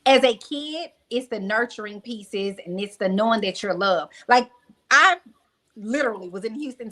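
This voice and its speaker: A woman's voice: mid-range voice, fairly bright tone, low-quality recording. A young adult woman speaking candidly as a podcast guest, telling reflective personal stories with many fillers. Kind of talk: podcast interview.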